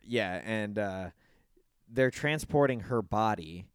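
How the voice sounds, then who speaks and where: A man hosts a casual podcast, talking in a dry, close-miked sound with no room around him. He rants animatedly, swears freely and jumps into high squeaky voices when he mimics people. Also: lively intonation, takes it slowly, clear, resonant tone, dry recording. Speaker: podcast host.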